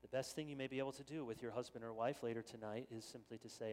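A middle-aged man preaching a sermon as pastor, earnest and animated, with quick stammered restarts. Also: mid-range voice. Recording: long reverb of a church hall.

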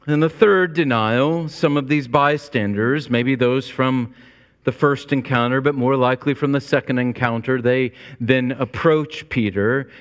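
A man's voice: medium pitch, a bit bright. A man preaching a sermon to his congregation, earnest and storytelling, with a long church reverb. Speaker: pastor. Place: church sanctuary.

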